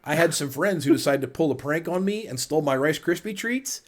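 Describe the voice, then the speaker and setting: Profane, animated male podcast host. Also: fairly high pitch, brisk. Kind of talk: casual podcast chat.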